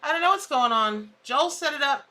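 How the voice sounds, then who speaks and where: Chatty woman tarot reader, high and bright, exclamatory live-stream host. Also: expressive, moderate pace. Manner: chatty, exclamatory, laughs at her own jokes. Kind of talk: casual live-stream chat.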